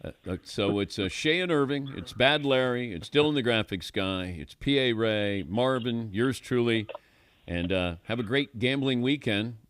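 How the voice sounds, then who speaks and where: An older man hosting a sports radio show, chatting casually with a wry, relaxed manner and frequent laughs. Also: mid-range voice, normal speed, clean tone, no echo. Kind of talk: casual studio banter.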